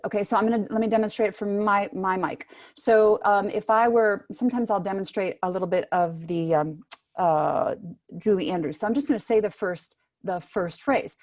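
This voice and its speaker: A woman voice teacher giving brisk, encouraging instructions to singers in an online workshop, heard over a video call microphone. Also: mid-range voice, a little mellow. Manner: brisk, encouraging coaching with spoken demonstrations.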